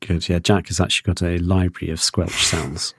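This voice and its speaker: A male podcast host with a very deep, husky voice, talking casually and hesitantly in a studio. His speech is full of little restarts and fillers. The sound is dry and close. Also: flat delivery, a little fast, dry recording.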